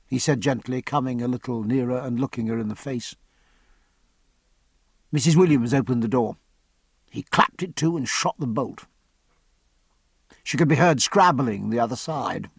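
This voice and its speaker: A man narrating a period novel as an audiobook, measured and even in his storytelling. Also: medium pitch, creaky, slightly rough, no echo.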